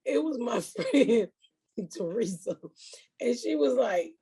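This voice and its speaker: A woman's voice: on the high side, lively intonation, slow pace, dark tone, slightly rough. A woman comedian hosting a podcast, telling stories in a blunt, profane way. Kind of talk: casual chat.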